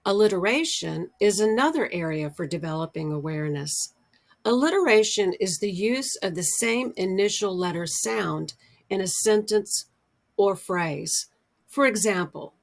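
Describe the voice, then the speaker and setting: A middle-aged American woman explaining early literacy skills, speaking deliberately and drawing out her example words. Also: mid-range voice, animated. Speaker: literacy educator. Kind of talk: instructional explainer.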